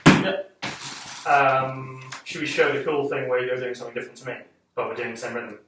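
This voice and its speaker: A man teaching a casual online dance class, chanting rhythm counts aloud and talking excitably with many fillers. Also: mid-range voice, a little fast. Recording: echoey room, distant mic, noisy.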